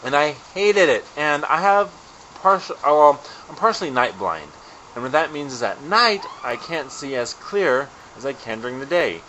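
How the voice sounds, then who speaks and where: Bright-voiced man telling a vlog story. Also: on the high side, normal speed, highs cut off, slight background noise. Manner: animated, self-deprecating storyteller. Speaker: vlogger.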